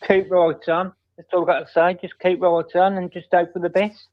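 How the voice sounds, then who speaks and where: A man's voice: sits high, flat delivery, moderate pace, slight background noise. A man calling into a football phone-in, cheerful and friendly. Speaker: caller. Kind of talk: casual phone-in call. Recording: tinny phone line.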